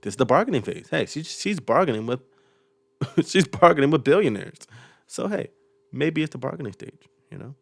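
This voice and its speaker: A man's voice: mid-range voice, very animated, normal speed, gravelly, dry recording. A young man hosting a reaction video, chatting casually and chuckling often as he jokes about what he watches. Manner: chuckles often, loose and joking.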